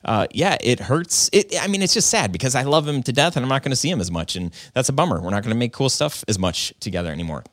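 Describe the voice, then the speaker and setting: A man's voice: mid-range voice, sing-song, fast talker, hardly any pauses, a bit bright, dry recording, studio quality. A man who runs a video business, telling his story in an earnest, rambling way, full of "like" and "um". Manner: rambling, filler-heavy with frequent "like" and "um"; earnest and self-reflective. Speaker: video business owner and podcaster. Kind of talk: casual conversational storytelling.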